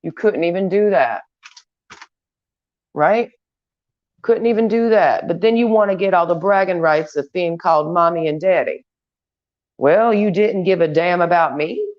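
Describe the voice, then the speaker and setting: Woman vlogger, low-pitched, blunt and foul-mouthed, rambling rant, dull lo-fi sound. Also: a little slow, long pauses. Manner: crude, profane, blunt. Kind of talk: rambling stream-of-consciousness rant. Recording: dull lo-fi recording.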